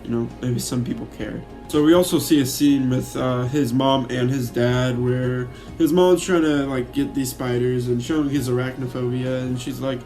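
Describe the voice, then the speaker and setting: A man talks in a loose, rambling way, full of ums and uhs and casual swearing as he recaps a favorite film. His voice sits at an ordinary middle pitch. Soft music plays faintly underneath. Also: steady tone, moderate pace, hardly any pauses. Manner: rambling, filler-heavy, swears freely. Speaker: YouTuber reviewing a movie.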